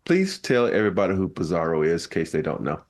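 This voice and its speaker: A man with a fairly low voice, co-hosting a casual sports podcast. He talks in an easygoing way and likes to tease the others. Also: very animated, fast talker. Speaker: podcast co-host.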